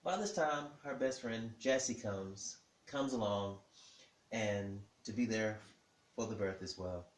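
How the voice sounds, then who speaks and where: A man telling a personal story in a lively way, acting out what each person said. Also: fairly low pitch, unhurried, far from the mic. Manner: animated, acts out the dialogue of everyone in the story. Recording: echoey room.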